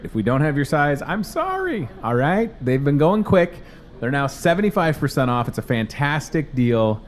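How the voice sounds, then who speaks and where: A man's voice: medium pitch, slight background noise. A man hosting a supermarket promo show, talking in a chatty, upbeat, salesy way about the week's deals. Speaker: store promotions host. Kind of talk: upbeat in-store promo chat.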